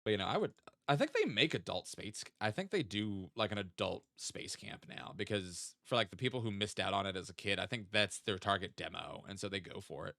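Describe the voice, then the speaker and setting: A man's voice: on the low side, expressive, a little fast, creaky, a bit bright, dry recording, studio quality. A young man casually thinking aloud and joking while streaming a geography guessing game. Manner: chatty, thinks aloud, jokey asides. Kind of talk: casual gaming stream chat.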